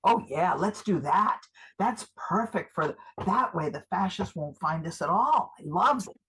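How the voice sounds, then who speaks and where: A woman's voice: fairly low pitch, measured pace, a little hiss or hum, rough recording. A woman performing live improv, playing an eager, jittery older activist who gushes over every idea and frets about being found. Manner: gushing, excitable, a little paranoid.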